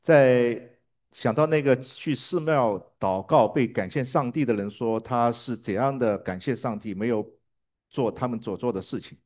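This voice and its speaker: A man's voice: medium pitch, moderate pace, darkish tone. A man interpreting a sermon live, hesitating with fillers and restarts.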